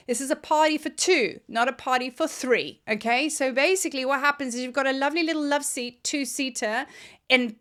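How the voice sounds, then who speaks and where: A woman's voice: high voice, fairly bright tone. A woman, a spiritual teacher talking in a chatty, rambling way and laughing often. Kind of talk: casual spiritual vlog monologue.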